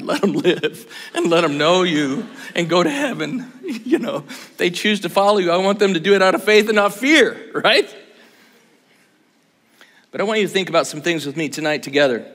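Bright-voiced pastor in his sixties. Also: on the high side, fairly quick. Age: 60s. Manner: conversational and joking with the audience. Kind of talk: sermon. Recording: long hall reverb.

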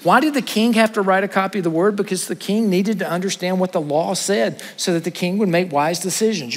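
A man, a pastor preaching an earnest sermon to his congregation, trading quick asides for slow, stressed points. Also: high-pitched, long reverb tail. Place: church sanctuary.

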